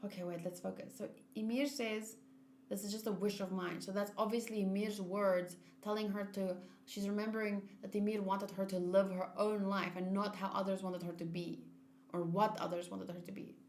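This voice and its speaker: A woman's voice: medium pitch, fairly even intonation, moderate pace, darkish tone, slight background noise. A woman hosting a manga read-along, chatting casually with her own commentary and often breaking off mid-thought. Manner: chatty, self-interrupting. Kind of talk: casual commentary while reading aloud. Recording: roomy echo.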